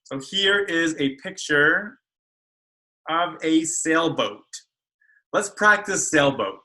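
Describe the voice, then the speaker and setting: A man's voice: fairly high pitch, expressive, slow, bright, forceful tone, poor audio. A man speech therapist teaching children how to make speech sounds in a video lesson, carefully modeling each sound. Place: school.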